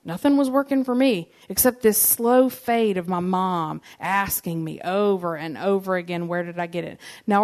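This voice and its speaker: A woman's voice: a little high, darkish tone. A woman, giving a sermon and telling personal stories in a conversational, humorous way. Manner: conversational and humorous, addresses the audience directly. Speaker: speaker giving a church message.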